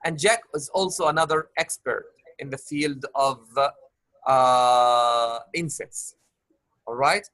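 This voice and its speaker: A man's voice: medium pitch, slow, fairly bright tone, dry recording. A male teacher leading an online class discussion, who keeps rephrasing his questions with plenty of filler uhs and calls his students love. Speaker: English teacher.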